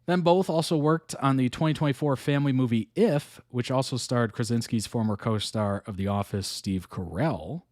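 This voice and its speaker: A man's voice: medium pitch, moderate pace, hardly any pauses, a little mellow, no room sound, clean studio sound. A man hosting a reaction video, reading an article aloud and musing over it casually between chuckles.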